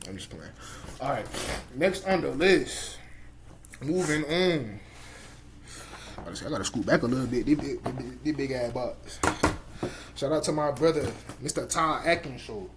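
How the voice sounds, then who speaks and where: Excitable slangy man hosting, noisy audio. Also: mid-range voice, moderate pace. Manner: excitable, slangy, loose and joking. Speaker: podcast host. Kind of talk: casual chat.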